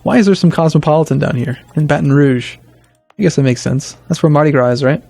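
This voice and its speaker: A man talks through a strategy game for his channel, reasoning aloud, stumbling over restarts, then perking up. His voice sits a little high, and the recording is dry and close. Soft game music plays underneath. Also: fast talker, gravelly, no echo. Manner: thinking aloud, hesitant restarts, bursts of excitement. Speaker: let's play host. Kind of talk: casual gameplay commentary.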